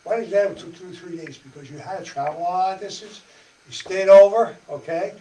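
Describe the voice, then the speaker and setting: A man's voice: high voice, a little fast. A man giving a folksy church study-group talk, chatting and acting out dialogue with laughs. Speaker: parish presenter. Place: church meeting room. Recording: echoey church hall from far off, faint hiss.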